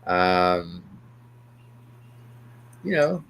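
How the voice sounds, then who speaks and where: A man's voice: lowish voice, lively intonation, moderate pace, a little hiss or hum. Older man telling rambling stories. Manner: rambling, tags remarks with "right?". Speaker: interview guest. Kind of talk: anecdotal storytelling.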